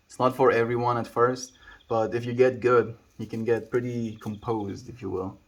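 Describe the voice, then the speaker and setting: A young man from South Africa with a South African accent, chatting casually on a live stream as he answers viewer comments in a rambling, relaxed way. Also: mid-range voice. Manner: laid-back, rambling, frequent likes and restarts.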